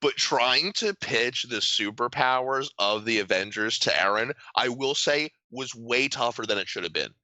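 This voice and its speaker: A young man co-hosting a podcast in casual banter, rambling and animated, swearing often and laughing a lot. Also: mid-range voice, moderate pace, hardly any pauses, no echo, rough recording. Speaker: podcast co-host.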